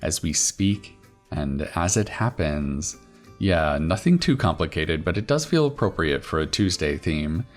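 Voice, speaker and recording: Low, slow-talking man thinking aloud. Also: very animated, faint music behind. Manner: thinking aloud, unhurried and musing. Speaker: crossword solver and channel host. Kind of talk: casual solving commentary.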